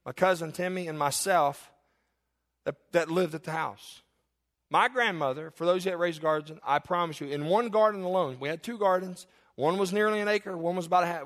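A man's voice: sits high, a bit bright. A man from Kentucky with a Southern accent, preaching a sermon with emphatic repetition and folksy asides. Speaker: pastor.

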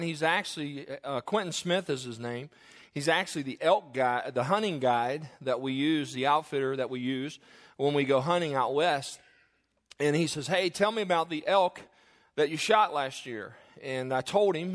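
A man preaching a sermon, telling a lively hunting story and acting out the voices of the people in it. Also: a little high. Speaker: pastor.

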